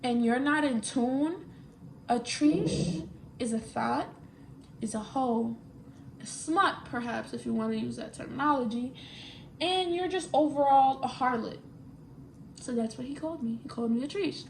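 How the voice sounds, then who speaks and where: A woman's voice: sits high, measured pace, vocal fry, a little hiss or hum. A young woman, telling a storytime in casual, slangy chat and repeating phrases for emphasis. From New York. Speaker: vlogger. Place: at home, getting ready.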